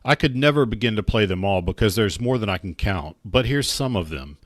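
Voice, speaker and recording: A man narrates in a measured, serious tone. His voice is on the low side and sounds dry and close. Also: lively intonation, no echo. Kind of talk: scripted narration.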